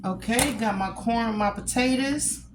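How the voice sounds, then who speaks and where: A woman chatting casually with her viewers from home as a cooking vlogger, addressing them directly and warmly as a group. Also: fairly high pitch, measured pace, echoey room, background noise. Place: at home while eating a meal.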